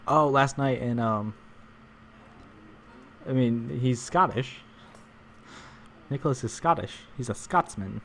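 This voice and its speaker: A man's voice: mid-range voice, slow, creaky, long pauses. Man, game streamer, casual chat, joking, rambling, faint background noise. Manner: joking, rambling, chuckles often.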